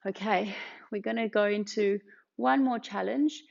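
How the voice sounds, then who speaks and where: A woman's voice: mid-range voice, unhurried, creaky. A woman from Australia leading a pilates ab workout, cueing each move and counting down while out of breath. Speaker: pilates instructor. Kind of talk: guided workout instruction. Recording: dull lo-fi sound.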